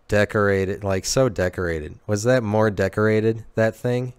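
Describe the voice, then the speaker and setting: A man's voice: fairly low pitch, normal speed, few pauses, darkish tone, clean tone, no echo. A man hosting a podcast, rambling through a comedic monologue and restarting his sentences. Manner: rambling, restarting sentences, ironic self-talk. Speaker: podcast host.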